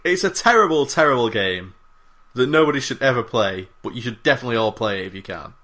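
A man's voice: medium pitch, lively intonation, fast talker, sharp tone. A man co-hosting a podcast in casual chat, rambling and self-mocking with plenty of swearing. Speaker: podcast co-host.

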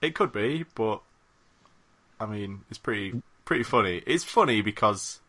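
A man co-hosting a gaming podcast in casual chat, with a husky voice and dry, wry jokes. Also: lowish voice, animated, normal speed, pushed and bright. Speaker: podcast co-host.

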